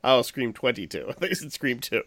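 A man co-hosting a podcast, chatting casually and teasing his co-host with quick reactions. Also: medium pitch, animated, fairly bright tone. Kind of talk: casual chat.

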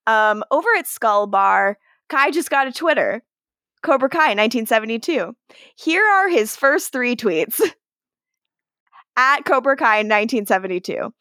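A woman co-hosting a casual TV rewatch podcast, recapping scenes in a lively way and laughing often. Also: fairly high pitch, a little slow, no echo, studio quality. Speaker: podcast co-host.

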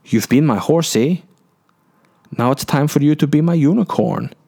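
A man's voice: a little high, moderate pace, creaky, warm tone, pitched above the performer's own voice. A man voicing a brash, bossy Dutch woman nightclub dancer in a put-on Dutch accent. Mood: teasing. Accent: attempted Dutch accent.

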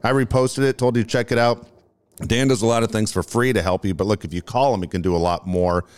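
Man, low voice, smooth, radio ad reads, upbeat pitchman. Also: fairly even intonation, fast. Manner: upbeat pitchman, repeats phone numbers. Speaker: radio show co-host. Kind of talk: live sponsor reads.

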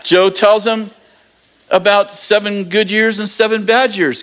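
Animated male preacher with a high voice, telling a story with humor and acted-out voices. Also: unhurried, clean tone. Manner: animated, acts out voices, jokey asides. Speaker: pastor. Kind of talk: lively storytelling sermon.

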